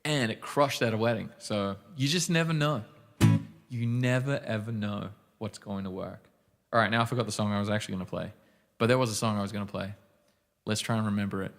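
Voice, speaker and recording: A man with a lowish, brisk voice and some vocal fry streams live, chatting casually between songs and addressing viewers by name. Loud acoustic guitar fills the background, and the recording has a long reverb.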